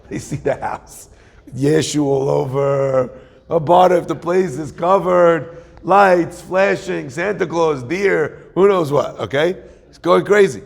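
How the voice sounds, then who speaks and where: A man's voice: a little high, slow pace, vocal fry. A man, a rabbi, telling a story in a sermon and acting out the voices of the people in it. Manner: animated storyteller, acts out quoted voices. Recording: long hall reverb.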